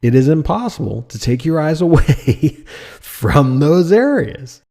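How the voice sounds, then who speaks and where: A man teaching a design lesson over slides, lively and emphatic, often asking the listener rhetorical questions. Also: fairly high pitch, measured pace, creaky. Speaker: design instructor.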